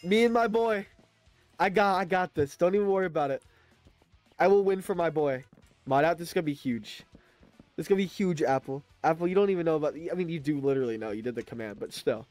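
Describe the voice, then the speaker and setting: A man streaming a video game live, talking to his chat in a chatty, excitable way. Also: fairly high pitch, fast talker, no echo, soft background music. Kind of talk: live gaming stream commentary.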